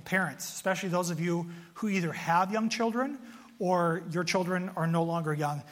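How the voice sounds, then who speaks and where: Pastor, male, high bright voice, lively self-mocking storyteller, preaching in a reverberant hall. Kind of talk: sermon with storytelling.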